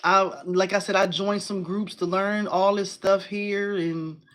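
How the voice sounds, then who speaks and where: A woman's voice: medium pitch, measured pace. Chatty woman hosting a craft livestream. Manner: excitable, chatty, answers viewers' comments aloud; uses y'all and informal phrasing. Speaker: crafting live stream host. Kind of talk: casual live stream chat.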